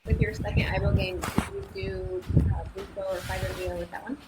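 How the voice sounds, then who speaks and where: Woman, interviewer, very monotone, calm questions, noisy background. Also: medium pitch, brisk. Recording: clear background noise.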